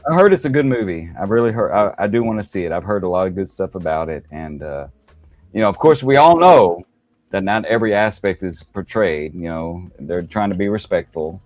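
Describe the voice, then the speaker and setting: A man's voice: low voice, lively intonation, fairly quick, darkish tone, no echo. A man chatting casually on a podcast, emphatic and dropping "man" into his sentences. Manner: emphatic, peppers talk with "man". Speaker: podcast co-host or guest. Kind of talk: casual chat.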